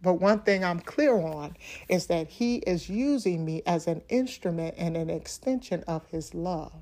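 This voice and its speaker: A woman's voice: lowish voice, animated, measured pace, warm tone. A middle-aged woman minister giving a personal testimony in an earnest way. She laughs often and repeats words when she stresses a point.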